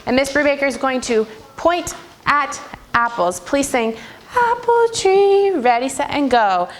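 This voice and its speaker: A woman's voice: high voice, normal speed, slight background noise. A woman music teacher leading young children in a classroom with encouraging, sing-song call-and-response prompts. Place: school classroom.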